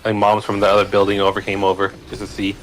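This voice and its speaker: A man's voice: lowish voice, monotone, quick pace, slight background noise, low-quality recording. A man joining a game stream's voice chat, telling a rambling everyday story with lots of fillers. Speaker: guest on the stream. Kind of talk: casual chat.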